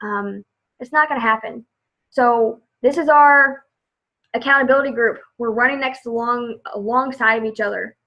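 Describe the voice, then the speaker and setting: A woman's voice: on the high side, moderate pace, highs cut off. A woman giving a casual motivational talk to her sales team on a live video, chatty and upbeat, saying "like" a lot. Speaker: direct sales team leader.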